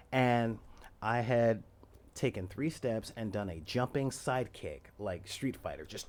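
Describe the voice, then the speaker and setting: A man in his forties telling a story in a loose, rambling way, often laughing and acting out the quoted lines loudly. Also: medium pitch, sing-song, unhurried. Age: 40s. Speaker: podcast host. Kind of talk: casual storytelling.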